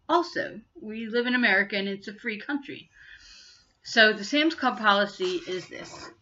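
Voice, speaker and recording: Earnest, bright-voiced woman in her fifties. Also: medium pitch, dull audio. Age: 50s. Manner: earnest, indignant retelling of an incident. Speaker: vlogger. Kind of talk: personal storytelling vlog.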